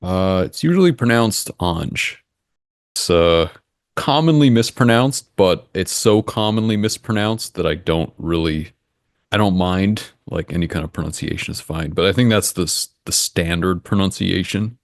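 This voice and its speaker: Low-voiced man, calm and matter-of-fact. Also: no room sound, clean studio sound. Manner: measured, matter-of-fact, thinks aloud. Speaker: interview guest, engine simulation creator. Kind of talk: casual interview answers.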